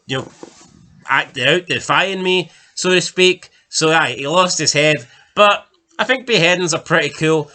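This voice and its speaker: A man co-hosting a casual talk show, rambling along with fillers and the odd swear. His voice is bright and sits a little high for a man. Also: unhurried. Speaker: podcast co-host. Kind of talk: casual chat ranking TV deaths.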